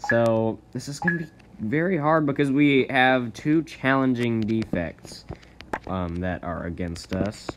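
A man giving casual, rambling commentary over his own gameplay, often laughing and jumping to high yelps. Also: measured pace, slight background noise. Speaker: gaming channel host.

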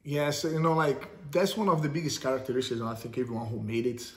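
A man's voice: mid-range voice, fast talker. Laid back guy hosting an interview, says "man" a lot, bit of room echo. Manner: relaxed, chatty, peppered with "you know" and "man". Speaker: interviewer, host. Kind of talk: casual interview chat. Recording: roomy echo.

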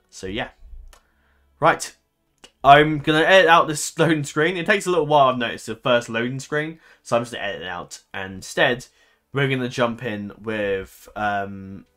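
A man's voice: mid-range voice, a bit bright. A man giving casual commentary over a strategy game. He rambles and fills his talk with ums and self-corrections. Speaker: gaming channel host.

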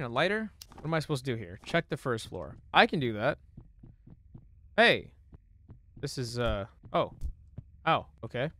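A young man streaming a horror game demo, swearing and reacting, shifting between low muttering and sudden yelling. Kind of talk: live gaming commentary.

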